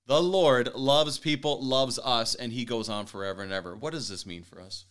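A man hosting a Bible study radio talk, earnest and quick to laugh, reading scripture aloud. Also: medium pitch, a bit bright. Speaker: host.

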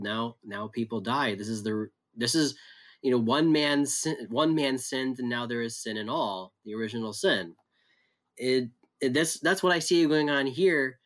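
A man's voice: medium pitch, a little slow, a bit bright. Reflective man in a Bible study chat. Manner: reflective, thinks aloud with restarts. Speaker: pastor.

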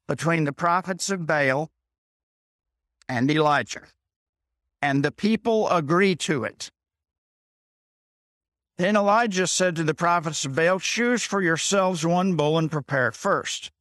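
A preacher with a somewhat high, slightly bright voice reads a Bible passage slowly, pausing to explain it in plain everyday language. He repeats his points and checks in with "okay?". The studio-quality recording has no echo.

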